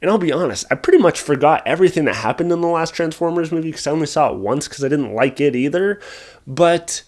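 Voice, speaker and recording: A young man with a somewhat high-pitched voice delivers a casual spoken movie review. He sounds exasperated, rambling, doubling back on himself, and he curses freely as he complains. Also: fast. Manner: exasperated, frequently swearing; animated, rambling with restarts.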